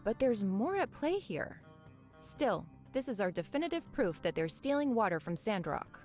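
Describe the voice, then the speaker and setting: An actress voicing a sharp, dry-witted woman investigator in a video game, with a sarcastic, wry delivery. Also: fairly high pitch, big pitch swings, moderate pace, faint music behind.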